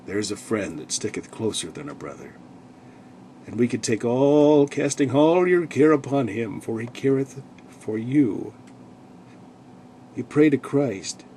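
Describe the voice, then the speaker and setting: Man, casual bible reflection, rambling, animated when quoting, average pitch, faint hiss. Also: a little slow, long pauses. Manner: rambling, animated, lots of "you know", acts out quotes. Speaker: Bible study speaker.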